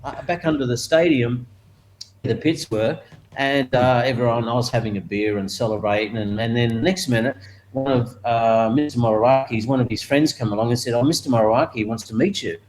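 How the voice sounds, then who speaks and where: The audio is low quality, with a little hiss or hum, as an older Australian man, once a motorcycle racer, talks a little fast through an interview story. Animated throughout, he laughs and mimics others by raising his pitch.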